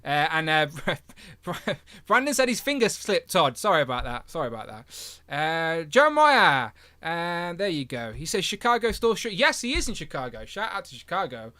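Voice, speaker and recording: A man's voice: fairly high pitch, very animated, normal speed, bright, forceful tone, clear, resonant tone, no room sound. A young English man hosting a casual livestream, chatty and upbeat, reading out viewer comments. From England. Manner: upbeat, chatty, laughs often. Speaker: livestream host. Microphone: headphones with mic.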